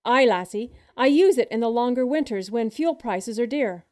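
Old farmer guy, plain and matter-of-fact, a woman reading him in a storybook, higher voice. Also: lively intonation, normal speed, a little mellow, natural voice. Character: elderly Scottish farmer man, terse.

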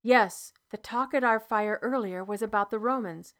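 A woman voicing a deliberate clan elder. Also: on the high side, a bit bright, natural voice. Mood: thoughtful. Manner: deliberate, reasoning.

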